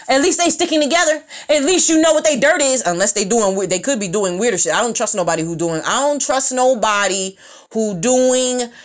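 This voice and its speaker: A woman, ranting bluntly and profanely in an animated, opinionated monologue. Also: mid-range voice.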